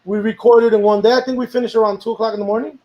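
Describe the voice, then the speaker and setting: High-voiced man in rambling casual chat. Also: steady tone, very fast, dull audio. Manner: rambling, switches into Spanish. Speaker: music producer and host.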